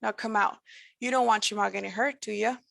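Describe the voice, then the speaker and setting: A woman's voice: medium pitch, steady tone, fairly quick, creaky, a bit bright, no room sound. A woman voicing a creepy lilting male entity. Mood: menacing. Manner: lilting, sing-song, rambling in song lyrics. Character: menacing supernatural male stranger, folksy drawl.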